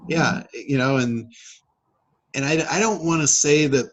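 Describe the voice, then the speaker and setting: A man's voice: mid-range voice, unhurried, slight background noise, poor audio. A man hosting a casual coaching call, talking in a rambling way with many fillers and restarts. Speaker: public speaker and sales trainer.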